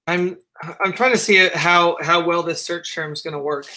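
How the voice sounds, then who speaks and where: A man from the United States hosting a casual discussion, talking in a digressive, halting way with many restarts. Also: on the high side, steady tone, sharp tone, a little hiss or hum. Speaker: host.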